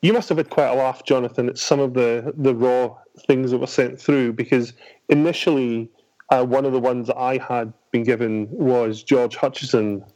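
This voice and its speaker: A man's voice: medium pitch, fairly even intonation, moderate pace, darkish tone, highs cut off. Scottish man telling anecdotes. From Scotland. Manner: anecdotal, self-deprecating. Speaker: guest voice actor. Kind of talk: casual chat.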